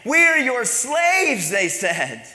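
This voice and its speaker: A pastor delivering a sermon to his church, swinging between hushed, low passages and raised, emphatic ones. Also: wildly swooping pitch, slow pace. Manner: preaching with dynamic swings between soft and loud. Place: church sanctuary. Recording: echoey church hall.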